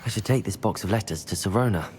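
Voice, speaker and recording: A man's voice: lowish voice, quick pace, noisy background, natural voice. A man voicing a polite young male student hero in a video game.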